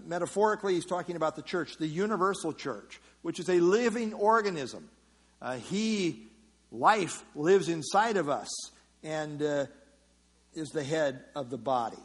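A man's voice: high voice, breathy edge. A man teaching a Bible passage verse by verse in an explanatory sermon style, often repeating key phrases.

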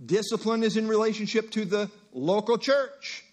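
A male pastor delivers a sermon in a relaxed, conversational way. He breaks off for asides and acts out short exchanges. His voice sits fairly high for a man. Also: moderate pace. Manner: conversational preaching with asides and acted-out dialogue.

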